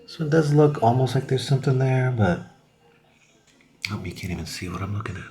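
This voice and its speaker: A man's voice: mid-range voice, expressive, fairly quick, dark tone. A young man chatting casually as he tries out makeup on camera, upbeat and talkative, sometimes dropping to a whisper while he applies it. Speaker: beauty vlogger. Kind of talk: casual makeup tutorial chat.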